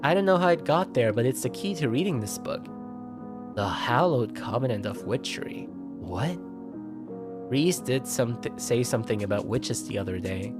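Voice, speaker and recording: A man streaming himself reading a visual novel aloud, expressive, with sudden yelps and laughs. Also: mid-range voice, moderate pace. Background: game music.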